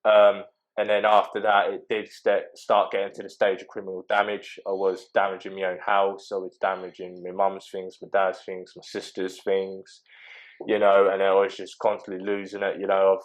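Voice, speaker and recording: Low-voiced young man, halting. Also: completely flat delivery, rough recording. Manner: halting, many fillers and restarts. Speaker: podcast guest. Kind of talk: casual interview talk.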